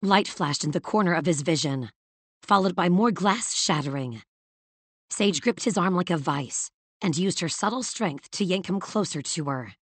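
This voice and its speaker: A woman narrating an audiobook in a measured, even storytelling manner. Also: lowish voice, breathy edge, no room sound. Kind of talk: scripted narration.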